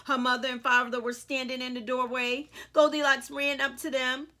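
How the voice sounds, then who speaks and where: A woman author reading a story aloud to children, animated and speaking directly to young listeners. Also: sits high, normal speed.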